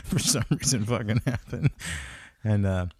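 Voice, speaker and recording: A man's voice: on the low side, a little slow, slightly rough, dry recording, clean studio sound. Rambling, profane male podcast host. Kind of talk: casual comedic podcast chat.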